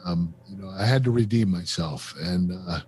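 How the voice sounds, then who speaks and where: Man in his 50s opening up on a podcast, halting and emotional, lots of uh and you know. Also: sits low, darkish tone, husky. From United States. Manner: emotional, halting, many fillers and restarts. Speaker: guest, former pro wrestler. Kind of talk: candid personal storytelling.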